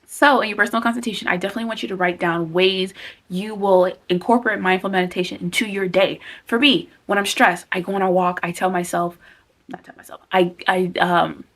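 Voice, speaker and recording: Young adult woman, self-help vlogger. Earnest, candid, animated delivery. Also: mid-range voice, fairly quick. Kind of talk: casual self-help talk to camera.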